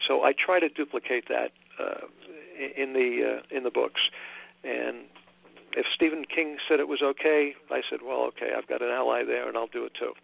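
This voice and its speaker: Older man with a gravelly voice on a tinny phone line. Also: mid-range voice, fairly even intonation. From Long Island, New York. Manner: halting, many fillers and restarts. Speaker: author guest. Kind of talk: radio interview.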